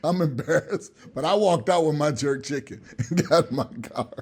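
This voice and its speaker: A man telling a comic story on a radio show, animated and acting out the other people in it. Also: fairly high pitch, normal speed, slightly rough. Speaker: regular guest.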